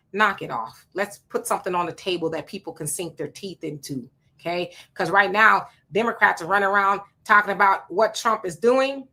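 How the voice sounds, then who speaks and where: Hosting a live stream, this woman speaks at a medium pitch with a bright, forceful tone. She goes through viewer comments in a relaxed, chatty way, sharing strong opinions and laughing along the way.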